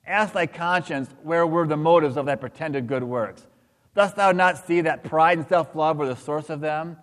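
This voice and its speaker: A man's voice: fairly high pitch, normal speed, close to an everyday voice. A man reading the lines of a stern angel of judgment who scolds in solemn, archaic speech. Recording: long hall reverb.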